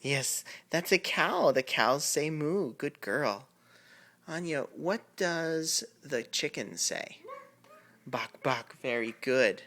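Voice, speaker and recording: A father using baby talk with his toddler, praising her warmly and imitating animal sounds in a sing-song way. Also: fairly high pitch, lively intonation, takes it slowly.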